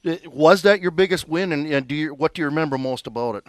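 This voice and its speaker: Slightly high male interviewer, dry close sound, friendly teasing. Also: fast talker, no echo. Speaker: radio co-host interviewer. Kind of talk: radio interview.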